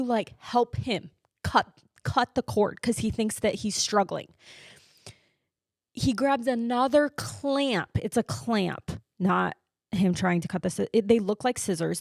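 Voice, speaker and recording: A woman hosting a podcast, telling a personal story in an emotional, animated way with many fillers. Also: medium pitch, creaky, no room sound, clean studio sound. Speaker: podcast host.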